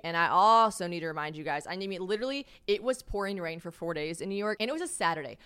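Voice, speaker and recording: A woman hosting a podcast from a small apartment, telling a story in a casual, animated way, swearing freely and poking fun at herself. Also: lowish voice, fast talker, few pauses, clean tone. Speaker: podcast host.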